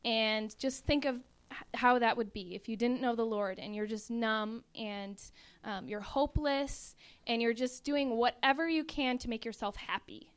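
A woman's voice: on the high side, moderate pace, hardly any pauses, clear, resonant tone. A young woman, an actress in a touring ministry show, vividly and earnestly describing the show to an audience.

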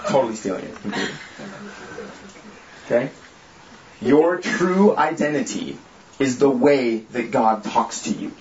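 This man, leader and preacher of a small group, delivers an informal sermon and prayer that is joking yet earnest. His mid-range voice is animated but a little slow, broken by long pauses. The room echoes and the audio sounds slightly dull.

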